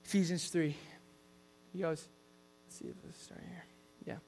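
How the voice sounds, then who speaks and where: A man's voice: fairly high pitch, fairly even intonation, moderate pace, creaky, a little mellow, in a large hall, slight background noise. A man preaching a sermon in an earnest storytelling way, often restarting his sentences.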